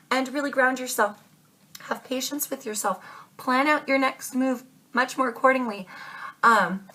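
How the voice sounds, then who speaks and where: A woman with a slightly high voice reads tarot for her viewers. She talks earnestly and insistently, repeats herself for emphasis, and calls her listeners babe and darling. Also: bright, forceful tone. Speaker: tarot reader.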